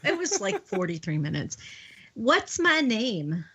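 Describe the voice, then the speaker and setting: A woman's voice: medium pitch, very animated, unhurried, fairly bright tone, breathy edge. A woman co-hosting a casual podcast chat, giggly and teasing, who swears freely. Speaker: podcast co-host. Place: at home drinking wine.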